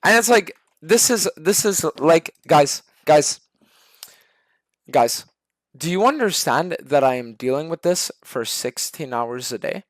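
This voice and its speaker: A man's voice: a little high, lively intonation, unhurried, no echo. Exasperated young man ranting on stream. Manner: profane, exasperated ranting that swings between shouting and muttering. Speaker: game streamer. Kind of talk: ranting to a live stream chat.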